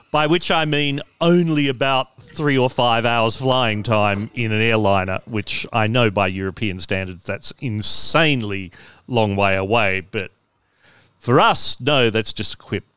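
Male podcast host, smooth clear voice, dry close sound, playful and teasing. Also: mid-range voice, fairly bright tone, dry recording. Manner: playful, self-mocking, teasing. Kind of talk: casual comedic chat.

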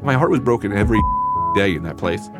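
A man's voice: lowish voice, lively intonation, fast, loud music behind the voice. A man, a comedian, telling a personal story in a casual, conversational way with loose phrasing.

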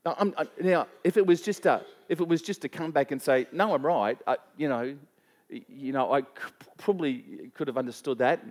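A man with a brisk delivery and a voice on the high side preaches as pastor in a church hall, where a long reverb trails his words. He shares a story conversationally, often restarting and turning to question the congregation.

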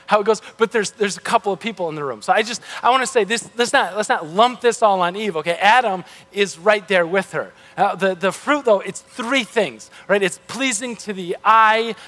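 In a church with a large-hall sound, a male pastor gives a sermon in a loose, casual, conversational way, often restarting and correcting himself. His voice sits high, with a pushed, bright quality.

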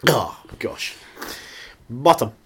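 A man co-hosting a podcast, his voice husky and slightly breathy. His pitch swings widely as he rambles through jokes and tangents. He keeps the chat casual and throws in mock-grand asides. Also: expressive, very slow. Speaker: podcast co-host.

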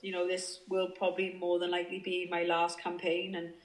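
A woman's voice: fairly low pitch, monotone, fairly quick. Welsh footballer lady on a call, lots of ums and restarts, roomy echo. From Wales. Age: 30s. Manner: hesitant, many restarts and fillers. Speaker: guest footballer. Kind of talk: remote interview chat.

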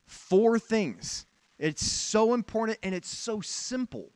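A man's voice: sits high, lively intonation, slow pace, darkish tone, no room sound. A pastor giving a sermon in a candid, conversational way, with frank asides to his congregation.

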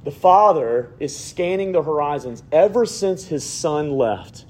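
A man's voice: fairly high pitch, animated, a little slow. Male pastor preaching. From Alabama, USA. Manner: swings between hushed prayer and emphatic, rising preaching. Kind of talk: sermon.

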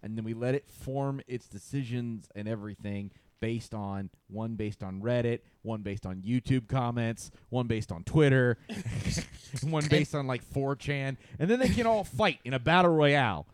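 A man's voice: mid-range voice, unhurried, clear, resonant tone, no room sound. A man co-hosting a comedy podcast, rambling through bits and laughing in the middle of his own sentences. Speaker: podcast co-host. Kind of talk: casual comedy banter.

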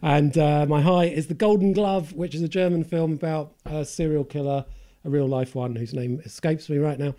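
Relaxed man chatting films. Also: fairly high pitch, moderate pace. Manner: relaxed, laughs easily, swears. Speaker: podcast co-host. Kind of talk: casual chat.

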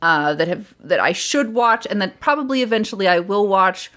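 Young woman, loud voice, casual podcast chat, rambling, swears a lot, mid pitch. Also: expressive, normal speed. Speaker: podcast co-host.

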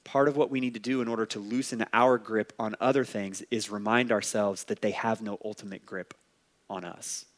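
A man's voice: fairly low pitch, fairly even intonation, moderate pace. A man preaching a sermon as pastor, earnest and conversational, often saying "like". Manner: earnest, exhorting.

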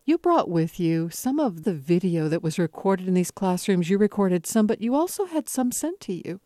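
A woman's voice: on the low side, sing-song, normal speed, dark tone, no echo, clean studio sound. A woman hosting an interview, asking questions and responding with appreciative enthusiasm. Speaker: interviewer, host.

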